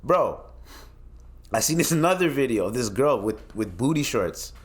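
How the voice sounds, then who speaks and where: A man's voice: medium pitch, very animated, normal speed. A young man from Canada hosting his own podcast, ranting bluntly and profanely in casual solo commentary, often restarting his sentences. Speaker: podcast host.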